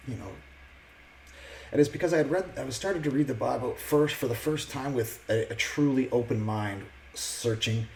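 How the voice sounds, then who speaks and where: Vlogger, male, lower register; earnest, reflective testimony, stop-start phrasing; faint background hiss. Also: a little mellow, poor audio. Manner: halting, with many restarts and fillers. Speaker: vlogger sharing his testimony. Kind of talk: casual personal testimony.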